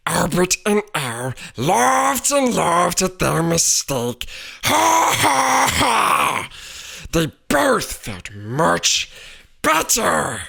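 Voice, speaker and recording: A performer voicing a male Gollum-like creature who reads a children's storybook aloud in a raspy, gravelly voice with wheedling creepy asides. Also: medium pitch, big pitch swings, extremely slow, a bit bright, exaggerated voice. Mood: sly. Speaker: storybook reader. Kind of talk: read-along storybook narration.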